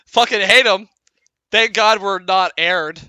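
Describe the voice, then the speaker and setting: A man's voice: sits high, slow, pushed and bright, clear, resonant tone, dry recording. A young man narrating casually as dungeon master, who laughs often and trails off and restarts his sentences. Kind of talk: casual tabletop game narration.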